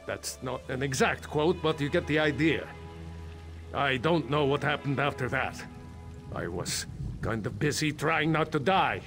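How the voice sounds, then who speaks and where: A man's voice: medium pitch, lively intonation, a little slow, gravelly, fairly bright tone, soft background music. An actor playing a nervous male mine boss in a video game, talking in a dry, sardonic way. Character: worried male mine boss, wry and jumpy. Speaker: mine owner non-player character.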